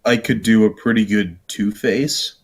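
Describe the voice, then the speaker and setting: A woman chatting as a guest on a live stream, lively and joking. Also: rumbling low, unhurried, breathy edge. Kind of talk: casual live-stream chat.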